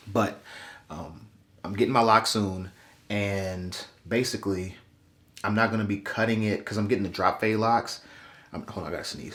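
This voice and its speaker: Young male vlogger, slightly low voice, stuffy nose, laid-back, talking to camera in a small bathroom. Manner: relaxed, chatty, addresses viewers directly. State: congested. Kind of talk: casual haircut tutorial.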